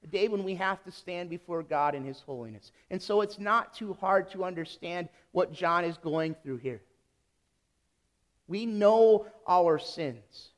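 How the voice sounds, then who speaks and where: A pastor delivers a sermon in an unusually high voice for a man. He speaks slowly and deliberately. He leans on emphasis and repeated phrases. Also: animated.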